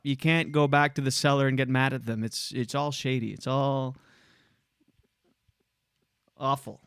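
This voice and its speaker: A man's voice: medium pitch, little pitch movement, measured pace, long pauses, a bit bright, clear, resonant tone, no room sound. Blunt sarcastic man arguing, dry sound. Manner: blunt, sarcastic, talks over his partner. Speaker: podcast co-host. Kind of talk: casual arguing chat.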